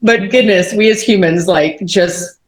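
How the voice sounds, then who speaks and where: A woman in her forties from Texas, telling a personal faith testimony as an animated storyteller who leans on fillers. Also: medium pitch, unhurried. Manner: animated storyteller, many fillers, acts out quotes. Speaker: guest. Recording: roomy echo.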